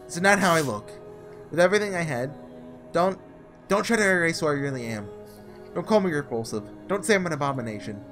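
Guy doing a wrecked young man yelling out his pain, pitch jumping all over. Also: lively intonation, brisk, faint music behind. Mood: furious. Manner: raw, shouting, desperate. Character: anguished young man, tormented and furious. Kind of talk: reading a visual novel aloud.

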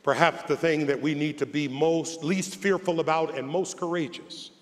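A man, a bishop, preaching a sermon with repeated phrases and folksy asides, building from drawn-out quiet lines to shouted, rising calls. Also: a little high, fairly even intonation, long reverb tail.

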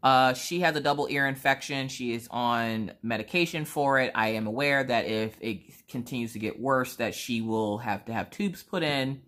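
A woman, chatting casually while she crafts and telling rambling, animated stories about her family. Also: very deep voice, normal speed, few pauses. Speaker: crafting vlogger.

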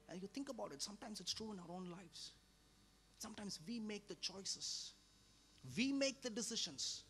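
A male pastor delivers a sermon in a strikingly high, bright, forceful voice. He swings from loud emphasis to quiet, hushed moments. A faint hum sits behind him. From India. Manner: dynamic preaching, swinging between loud emphasis and hushed drops.

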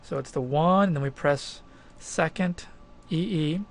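A man's voice: on the high side, unhurried, gravelly. A man teaching statistics, walking through a problem step by step in a conversational, emphatic way. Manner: conversational, emphatic, thinks aloud with fillers. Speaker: math instructor. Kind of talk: recorded lecture walkthrough.

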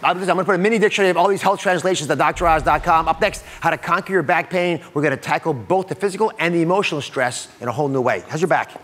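A man's voice: a little high, racing, few pauses, a bit bright, big-room sound. A middle-aged man hosting a studio talk show, playful and jokey as he quizzes his guests. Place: TV studio with audience.

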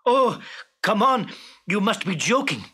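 A man voicing a cheeky young fisherman who stays calm and teases. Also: high-pitched, measured pace, husky, heavily acted. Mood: teasing. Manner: calm, teasing, scoffing. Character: cheeky, unflappable little fisherman.

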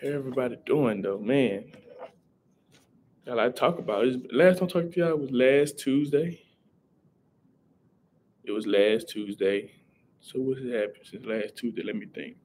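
A man's voice: medium pitch, normal speed, pauses often, darkish tone, slight background noise. A young man, rambling casually on a live stream and greeting viewers in chat. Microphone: headset.

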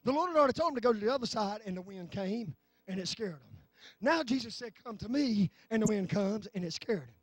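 A man preaching a fervent sermon in church, swinging from low talk to shouting. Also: animated, fast talker, dry recording. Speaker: pastor. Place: church sanctuary.

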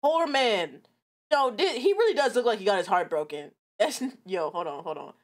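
A woman's voice: medium pitch, animated, normal speed. A young woman giving casual, blunt reaction commentary on a video, laughing often and swearing freely.

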